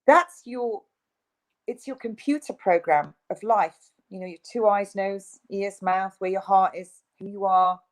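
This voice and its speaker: A woman's voice: medium pitch, a little slow, low-quality recording. A woman, a guest in an interview, speaking in an emphatic, insistent, ranting way. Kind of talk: video interview.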